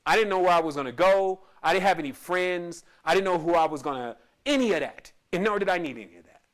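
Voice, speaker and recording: A man's voice: high-pitched, animated, fast talker, fairly bright tone. A man who teaches spirituality tells a personal story in a casual, rambling way, often restarting and adding asides.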